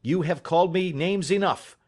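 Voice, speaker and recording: A man's voice: sits high, normal speed, darkish tone, voice pushed up. A man voicing a proud, defiant young man accused of theft, speaking in a heated, indignant way.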